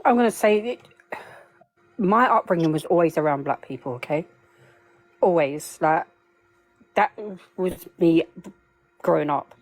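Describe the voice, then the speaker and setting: A woman talking as a guest on a live stream, chatty and emotional, rambling with plenty of ums. Her voice sits a little low. She speaks into a phone. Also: unhurried, long pauses, no room sound. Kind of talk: casual live-stream chat.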